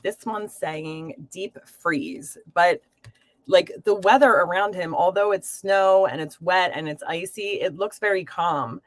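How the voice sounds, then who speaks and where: A woman's voice: lowish voice, unhurried, no echo. A woman hosting a live tarot reading stream, talking casually to viewers with lots of fillers and pet names. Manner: chatty, warm to viewers, filler-heavy.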